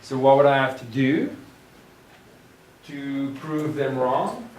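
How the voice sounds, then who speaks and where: Slow-talking male teacher in echoey room. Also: medium pitch, lively intonation. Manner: thinks aloud, poses questions to the class. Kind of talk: classroom lecture. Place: classroom. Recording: echoey room, distant mic, clear background noise.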